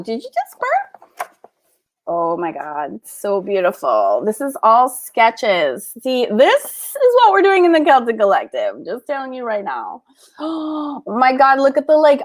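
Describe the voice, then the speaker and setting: A woman hosting a casual livestream, unboxing art books and gushing with gasps and laughs. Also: fairly high pitch. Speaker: art school host.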